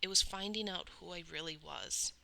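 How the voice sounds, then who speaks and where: A remorseful teenage boy, as a woman reading a storybook voices him, pleading in a quiet, earnest tone. His voice stays low and steady, with a tense, bright edge. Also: normal speed, gravelly, exaggerated voice, poor audio.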